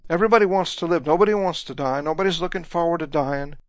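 A fairly high-pitched male preacher is heard in clean, echo-free studio sound. His Bible teaching is slow and emphatic, moving from scripture reading to plain paraphrases of what was said.

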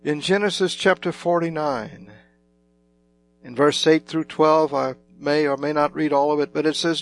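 A man preaching a sermon slowly and emphatically, with dramatic swings in loudness. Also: a little high, steady tone, faint music behind.

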